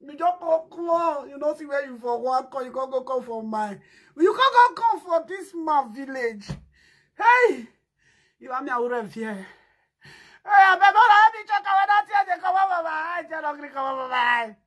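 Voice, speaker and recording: A woman's voice: high-pitched, expressive, normal speed. A woman with a Nigerian accent doing a comic skit, fake-crying, wailing and laughing in Pidgin English. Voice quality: loud wailing and laughing, sing-song fake sobbing.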